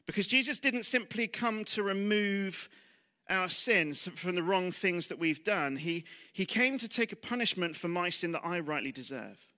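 A man's voice: sits high, lively intonation, measured pace, bright, forceful tone. A man preaching a sermon in church, talking conversationally with rhetorical questions and self-deprecating asides, dropping almost to a whisper on heavy lines.

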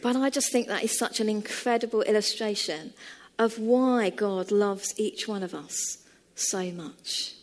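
A woman preaching a sermon and telling a story in a measured, storytelling manner. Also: mid-range voice.

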